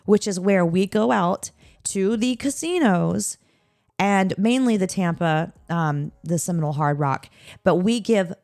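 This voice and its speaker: A woman's voice: medium pitch, animated, unhurried, gravelly, a little mellow, no echo, clean studio sound. A woman hosting a podcast in casual chat, teasing her guest with bawdy jokes and ending with a chatty sign-off. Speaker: podcast host.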